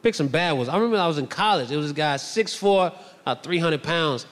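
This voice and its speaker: A male stand-up comedian telling a story in an animated way, often breaking into shouted bits. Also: a little high, quick pace, big-room sound.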